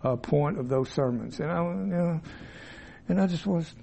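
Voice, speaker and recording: Male teacher, slightly raised pitch, folksy classroom lecturer prone to tangents. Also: moderate pace, gravelly, warm tone, husky. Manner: rambling, folksy, asides and self-interruptions. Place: classroom with a board. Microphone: room mic, at times turned away.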